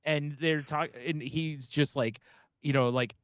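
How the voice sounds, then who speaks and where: A man's voice: a little high, fairly even intonation, unhurried, a bit bright, clear, resonant tone, no echo, highs cut off. A man co-hosting a casual podcast, rambling through stories, laughing often and acting out quotes. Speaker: podcast co-host. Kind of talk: casual chat.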